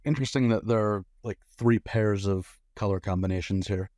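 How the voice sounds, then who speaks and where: A man with a lowish voice speaks on a live stream. His manner is dry and matter-of-fact, and he reads out announcements plainly. The recording is dry. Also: moderate pace, warm tone, no room sound. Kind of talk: casual live-stream chat.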